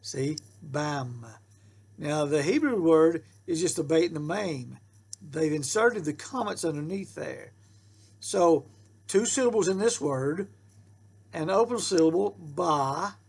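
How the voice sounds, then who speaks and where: A man teaches a beginner Hebrew lesson at an unhurried pace. His voice sits a little high, with a husky, gravelly texture. He patiently repeats each rule and sounds out syllables for his students. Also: expressive, darkish tone. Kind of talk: slow classroom-style lesson.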